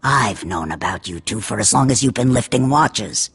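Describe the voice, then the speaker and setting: An actor playing a ruthless crime boss in a game, speaking slowly with cold, clipped threats. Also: male voice, mid-range voice, animated, gravelly, a bit bright, slightly rough, heavily acted. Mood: menacing. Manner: slow, threatening, clipped orders.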